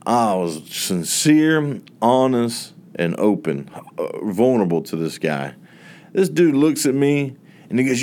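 A man's voice: fairly low pitch, sing-song, a little slow, a little mellow. A man preaching a sermon that tells a personal testimony, with emphatic phrasing and many repeated words.

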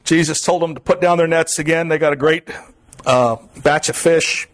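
A man's voice: on the high side, fairly even intonation, normal speed. A man from Florida preaching a sermon in an earnest, repetitive cadence.

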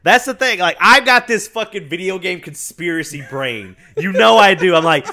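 A man's voice: sits high, normal speed. A man co-hosting a podcast, joking and laughing through casual gaming chat with profanity. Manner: animated, joking, laughs often, swears. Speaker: podcast co-host.

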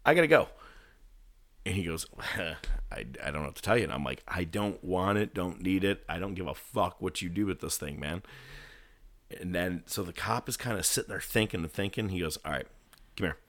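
Deep bright-edged guy ranting a travel story, cussing, laughing at himself. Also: fairly quick. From California. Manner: animated, swearing, laughs at his own story. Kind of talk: casual storytelling.

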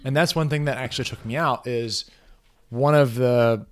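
A man co-hosting a casual film review podcast, chatting in an animated way and acting out his own reactions. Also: medium pitch, normal speed, clean tone, no room sound. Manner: animated, acts out quoted reactions. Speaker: podcast co-host.

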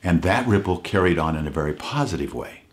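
Deep-voiced male speaker, earnest and inspirational, leans on stories and slows down for emphasis. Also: expressive. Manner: earnest, slows down to stress key points. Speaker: motivational speaker. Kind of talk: inspirational talk with storytelling.

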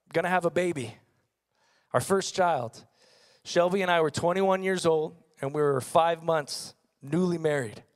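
Young male pastor with a light, high-pitched voice and earnest storytelling delivery. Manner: earnest storytelling, rhetorical questions. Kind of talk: sermon.

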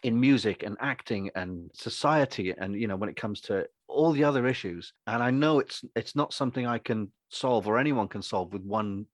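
A man who acts, talking through his opinions in a rambling, animated way and acting out other people's lines. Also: on the low side, normal speed, hardly any pauses, no echo. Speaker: podcast co-host and actor. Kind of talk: casual opinionated chat.

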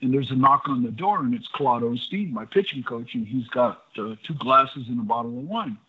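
An older man and former pitcher, a guest in an interview, telling anecdotes in a lively way and acting out the dialogue. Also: moderate pace, husky. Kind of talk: storytelling in a casual interview. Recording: dull lo-fi audio.

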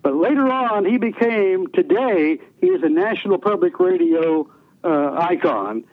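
A man's voice: high voice, expressive, a little slow. An older man telling rambling, folksy stories about his radio career in an interview. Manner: folksy, rambling, many restarts. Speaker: retired radio DJ guest. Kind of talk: storytelling interview. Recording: tinny phone-line radio audio.

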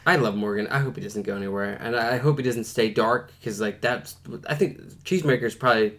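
Easygoing man chatting about TV. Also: fairly low pitch. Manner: relaxed, frequent backchannel, halting restarts. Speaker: podcast host. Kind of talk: casual chat.

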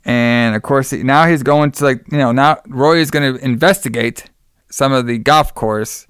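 A young man chats casually on a podcast, recapping a film scene by scene and slipping into the characters' voices as he goes. His voice sounds smooth and clear. The room sounds dry and close. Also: medium pitch, normal speed, no echo. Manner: animated storytelling, acts out characters' lines. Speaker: podcast co-host recapping a movie. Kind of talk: casual chat.

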